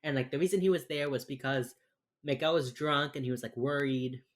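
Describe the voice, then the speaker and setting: Low-voiced woman rambling casually. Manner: rambling, filler-heavy, with quick mocking impressions. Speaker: podcast co-host. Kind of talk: casual podcast chat recapping a TV episode.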